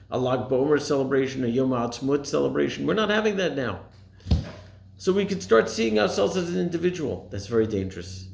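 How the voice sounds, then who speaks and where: Earnest gravelly-voiced rabbi. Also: male voice, mid-range voice, reverberant. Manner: earnest, emphatic, repeats phrases for stress. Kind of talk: motivational talk to a congregation.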